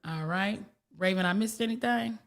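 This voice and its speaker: A woman's voice: medium pitch, moderate pace. Blunt, folksy woman spiritual teacher. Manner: blunt, preachy, folksy, repeats herself. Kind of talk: casual talk.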